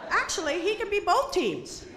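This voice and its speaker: A middle-aged woman performing a stand-up comedy set, animated and acting out quoted voices. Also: very high voice, normal speed, echoey room, background noise. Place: comedy stage before an audience.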